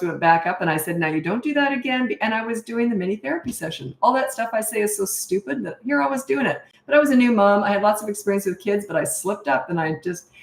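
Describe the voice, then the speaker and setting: Animated self-mocking woman coach. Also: mid-range voice, echoey room. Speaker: parenting coach. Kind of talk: casual storytelling Q&A.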